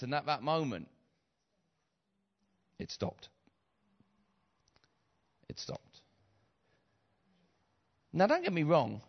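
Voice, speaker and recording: A middle-aged man preaching a sermon, retelling a story with acted voices, repeated phrases and rising shouts. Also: fairly high pitch, wildly swooping pitch, drawn-out words, long pauses, slightly rough. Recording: slightly dull lo-fi sound.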